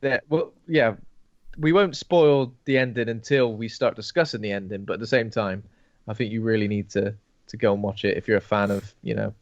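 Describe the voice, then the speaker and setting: Animated man on a dry, muffled mic. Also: on the low side, brisk, dry recording. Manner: animated storyteller, acts out reactions. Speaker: podcast co-host. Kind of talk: casual film chat.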